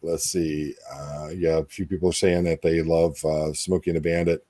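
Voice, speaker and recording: Deep-voiced rambling male host. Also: little pitch movement, normal speed, dark tone, no room sound, studio quality. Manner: rambling, with many fillers and restarts. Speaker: podcast host. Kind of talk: casual chat.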